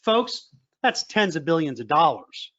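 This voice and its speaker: Emphatic high-voiced male business trainer. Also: big pitch swings, measured pace, a bit bright, lo-fi sound. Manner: emphatic, repeats key points, frequent fillers. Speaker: government contracting trainer.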